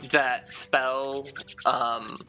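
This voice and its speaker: Man, tabletop player, very bright tone, excitable, swears, laughs a lot. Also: mid-range voice, extremely slow, faint music behind. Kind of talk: tabletop game play, casual.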